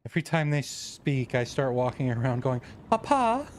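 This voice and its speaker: A man's voice: mid-range voice, steady tone, brisk, darkish tone. An American man streaming a video game, chatting casually and reading in-game lore aloud, laid-back and a bit profane. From United States.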